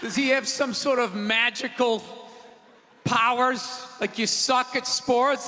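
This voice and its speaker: A man doing stand-up on a theater stage, ranting in loud exasperated bursts and swearing freely. His voice sits high and bright. The sound carries a long hall reverb with a faint crowd beneath it. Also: fairly even intonation, slow pace, slight background noise. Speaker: stand-up comedian. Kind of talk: stand-up routine. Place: large theater stage with live audience.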